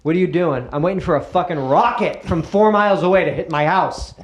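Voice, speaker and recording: A man's voice: a little high, fairly quick, dull audio. A man co-hosting a comedy podcast in casual chat, swearing freely and riffing on stories. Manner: profane, animated, jumps into shouted put-on characters. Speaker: podcast co-host.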